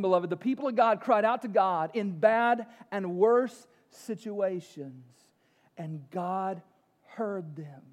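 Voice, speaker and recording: Male pastor preaching a sermon, animated, swings from loud to whispered, high voice with long church reverb.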